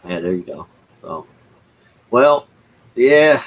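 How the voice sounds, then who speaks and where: A man co-hosting a casual chat over a video call, emotional and halting as he says goodbye. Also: lowish voice, fairly bright tone, slightly rough, low-quality recording. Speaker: co-host.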